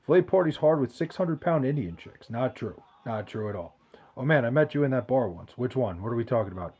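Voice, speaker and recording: A man's voice: mid-range voice, expressive, fairly quick, darkish tone, husky. A man hosting a podcast, reading out chat questions in loose, profane, joking banter. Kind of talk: casual chat.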